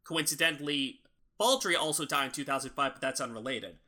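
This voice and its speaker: A man's voice: a little high, brisk, pushed and bright. A young man co-hosting a podcast, chatting casually with a critical, teasing edge. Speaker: podcast co-host. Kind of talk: casual chat.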